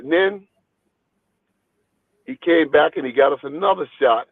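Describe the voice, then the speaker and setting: A boxing trainer telling stories in a phone interview, talking in an animated, rambling way and repeating his words. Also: mid-range voice, no room sound. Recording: tinny phone line, dry.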